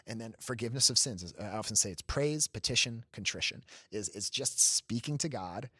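A man's voice: medium pitch, expressive, brisk, sharp tone, slightly rough, no room sound. Male host, earnest and chatty, mid voice, dry booth sound. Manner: earnest, restarts often, laughs easily. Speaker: podcast host. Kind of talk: casual faith conversation.

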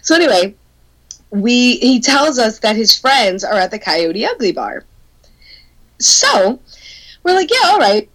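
A young adult woman telling a story in casual chat, animated, laughing often, swearing and peppering her talk with "like.". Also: fairly high pitch, slow, long pauses, low-quality recording.

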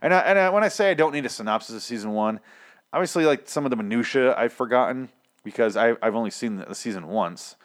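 A man's voice: mid-range voice, animated, fast talker. Rambling, swearing male TV reviewer. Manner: rambling, profane, self-interrupting. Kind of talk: casual episode recap.

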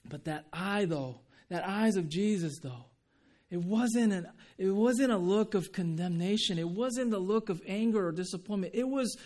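A man's voice: a little high, a little mellow. A man preaching a sermon, telling a personal testimony in an earnest, conversational way, with frequent restarts and light laughs. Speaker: pastor.

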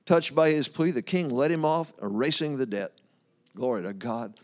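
A man with a mid-range voice, speaking at a normal speed, preaches a casual, folksy sermon. He reads scripture aloud and discusses it with his congregation, addressing them directly, losing his place and laughing.

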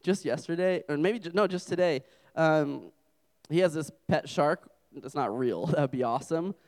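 Joking young preacher, smooth resonant voice. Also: male voice, fairly high pitch, expressive, normal speed. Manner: joking, self-deprecating storyteller. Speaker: campus ministry preacher. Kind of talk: humorous sermon.

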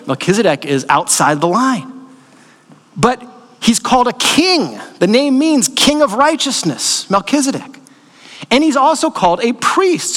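A man's voice: high-pitched, a bit bright. A man preaching a sermon as pastor, talking conversationally, checking in with listeners and acting out stories. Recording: long reverb of a large hall.

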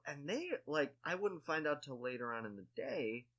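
A man's voice: on the high side, animated, normal speed, pushed and bright. A man telling a story in casual chat, rambling with lots of "like" and restarts and poking fun at himself. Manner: rambling, full of "like" and restarts, self-mocking.

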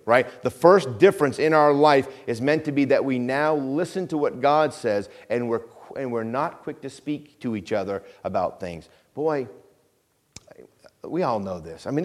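In a church sanctuary, a middle-aged pastor gives a calm, conversational sermon. He often drops to a quiet, low voice, asks the congregation questions, and repeats phrases.

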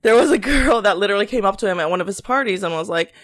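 A young woman with a mid-range voice and lively intonation talks at a racing speed. Co-hosting a casual podcast, she tells chatty stories packed with "like," acts out what others said, and laughs a lot.

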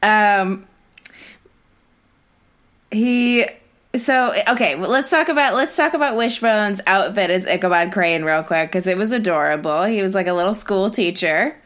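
A woman's voice: medium pitch, animated, unhurried, a bit bright. Chatty rambling young woman podcaster. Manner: chatty and rambling, with many fillers and restarts. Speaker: podcast co-host. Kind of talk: casual chat.

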